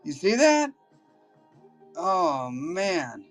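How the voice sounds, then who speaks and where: Excitable man hosting a live coin auction. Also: on the high side, extremely slow, soft background music. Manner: excited, exclaiming over coins. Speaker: livestream auction host.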